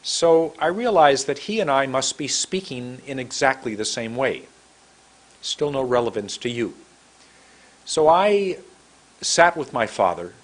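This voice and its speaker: A middle-aged man with a San Francisco American accent, telling a story as an English pronunciation teacher and demonstrating how he stretches his words. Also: medium pitch. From United States. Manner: demonstrates mouth positions, stretching words long. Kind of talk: storytelling lesson to camera.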